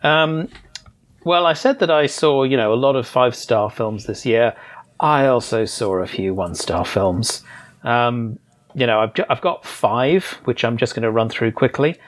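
A man's voice: medium pitch, moderate pace. Articulate, dryly scathing male critic. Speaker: film critic on a podcast. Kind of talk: casual podcast film review chat.

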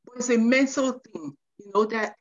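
High-voiced earnest woman giving advice. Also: moderate pace. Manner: earnest, repeats "you know", acts out quotes. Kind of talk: advice talk to parents. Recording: muffled lo-fi recording.

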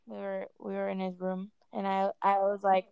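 Young woman, casual chat, vocal fry, smooth, laid-back. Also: medium pitch, monotone, normal speed, darkish tone, no room sound.

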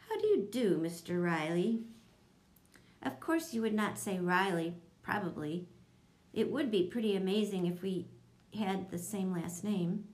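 Woman narrating a children's story, gravelly edge. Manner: lively storytelling, voicing children in higher tones. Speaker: audiobook narrator.

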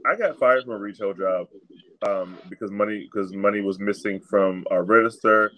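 A young man on a casual podcast chat, telling stories with lively acted-out quotes. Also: lowish voice, moderate pace, slight background noise, low-quality recording. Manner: animated storytelling, acts out the people he quotes. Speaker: podcast co-host.

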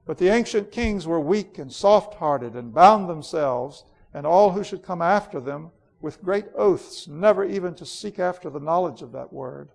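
A man's voice: on the high side, animated, normal speed, creaky, few pauses. A man voicing a cold, ruthless queen in a dramatic storybook reading, in an imperious, declamatory manner. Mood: proud, declamatory. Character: proud, cold, ruthless ancient woman queen.

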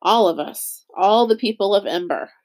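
A woman's voice: medium pitch, normal speed, a little mellow, lightly acted. A woman reading the part of an earnest young teen boy, in her own voice with added urgency.

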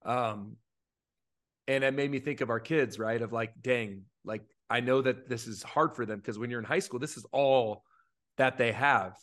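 A youth baseball coach talks in a heartfelt, earnest way, his feelings close to the surface. His voice sits at an ordinary middle pitch for a man, and his sentences run on with fillers and restarts. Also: normal speed, fairly bright tone. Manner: earnest and openly emotional, many fillers. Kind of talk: casual podcast chat.

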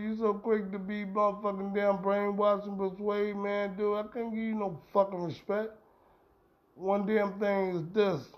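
A middle-aged man hosting a podcast, ranting in a heated, profane, rambling way. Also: high-pitched. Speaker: podcast host. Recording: dull lo-fi sound.

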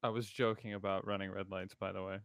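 A man in casual podcast chat, telling anecdotes with animated energy on a close mic. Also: low-pitched, fast talker.

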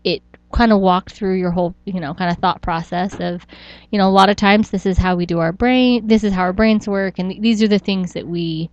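A woman's voice: medium pitch, steady tone, a little fast, few pauses, a little mellow, no echo. A woman co-host chatting casually on a podcast, rambling and restarting her thoughts as she goes. Her voice sits in a middle register, recorded close and dry with a slightly dull, lo-fi tone. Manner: rambling, self-interrupting, with frequent laughs. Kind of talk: casual chat.

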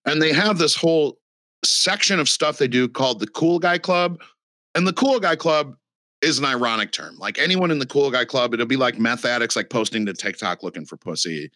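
Bright-voiced man, rambling casual chat. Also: medium pitch, lively intonation, normal speed, no echo. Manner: rambling, profane, lots of fillers.

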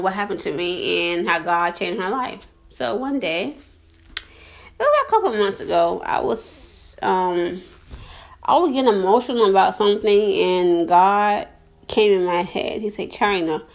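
A woman's voice: medium pitch, vocal fry. A woman hosting her own podcast, talking earnestly and repetitively about faith and cutting out negative people. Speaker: podcast host. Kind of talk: casual faith-based podcast monologue.

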